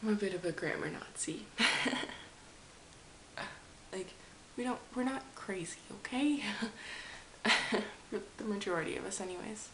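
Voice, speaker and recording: A woman's voice: mid-range voice, a little slow, pauses often, fairly bright tone. A young woman from Canada talking to camera from her game room, rambling and self-deprecating, often dropping into a whisper. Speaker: vlogger. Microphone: camera mic. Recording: echoey room with faint hiss.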